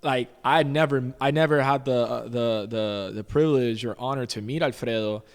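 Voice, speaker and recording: A man's voice: mid-range voice, normal speed, clean tone. Chatty man in reverby room. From Puerto Rico. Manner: animated storyteller, loose and chatty with many fillers. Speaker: chef, podcast guest. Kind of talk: casual storytelling interview.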